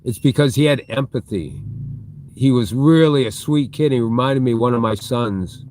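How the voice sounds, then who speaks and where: A middle-aged man with a voice of ordinary pitch, chatting loosely on a live stream. He wanders through a story and stops now and then to reply to viewer comments. He talks from inside a large store. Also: animated, moderate pace, a little mellow, a little hiss or hum. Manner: chatty, reads and answers viewer chat mid-story. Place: inside a big retail store.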